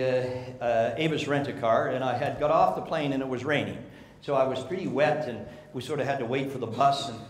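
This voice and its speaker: Man speaking in an echoey seminar hall. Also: mid-range voice. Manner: storytelling with rhetorical questions to the audience. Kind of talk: business seminar talk. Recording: echoey hall with faint ambience.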